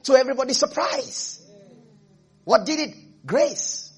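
Man, pastor, sermon, emphatic, repetitive, very high voice, husky. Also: lively intonation, measured pace. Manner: emphatic, repetitive preaching, calling out to the congregation.

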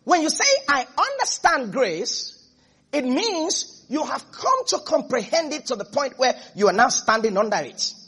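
A man preaching a sermon as pastor, emphatic and repetitive, now and then rising to shouts. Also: very high voice, sing-song, a little slow, slightly rough.

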